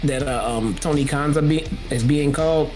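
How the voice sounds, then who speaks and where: A man's voice: a little high, darkish tone, soft background music. Blunt opinionated co-host man. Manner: blunt, opinionated, halting with fillers. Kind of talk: casual live-stream chat.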